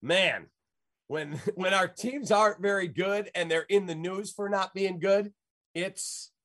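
A man's voice: high-pitched, slow pace, a bit bright, no room sound, clean studio sound. A middle-aged man, a sports radio host, telling stories in an emphatic, rambling, folksy way. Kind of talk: animated storytelling in an interview.

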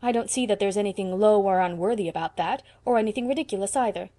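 A woman voicing an earnest, sensible young college man in an audiobook, reasoning calmly. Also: medium pitch, fast, lightly acted. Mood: reassuring.

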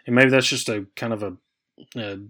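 A man's voice: medium pitch, steady tone, moderate pace, bright, forceful tone. A man in his thirties co-hosting a podcast, talking loosely with lots of fillers and restarts. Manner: loose, rambling with many fillers. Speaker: podcast co-host. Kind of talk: casual chat.

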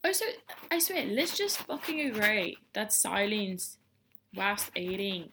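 A woman's voice: mid-range voice, sing-song, slow, noisy background. A young woman hosting a solo podcast, ranting in a blunt, profane and sarcastic way. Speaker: podcast host. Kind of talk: casual ranting monologue.

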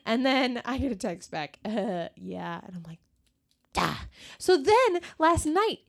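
A young woman co-hosting a casual podcast from home, her pitch moving widely as she tells a story. She quotes what she and others said, keeping it chatty and relaxed. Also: slow pace, gravelly. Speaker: podcast co-host. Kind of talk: casual chat.

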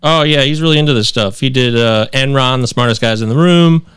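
A man's voice: medium pitch, a little fast, fairly bright tone, smooth, no room sound, studio quality. A man hosting a casual comedy podcast, reading listener emails aloud in mocking, exaggerated voices and laughing often.

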